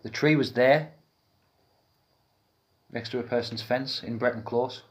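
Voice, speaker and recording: A man's voice: medium pitch, fairly even intonation, measured pace. A man from Peterlee with a North East English accent, co-hosting a podcast in casual, rambling, jokey banter. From Peterlee, England. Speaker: podcast co-host.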